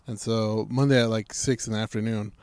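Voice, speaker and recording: A young man telling a story in casual chat, animated and swearing freely, acting out what people said. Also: fairly low pitch, a little fast, clean tone, no room sound.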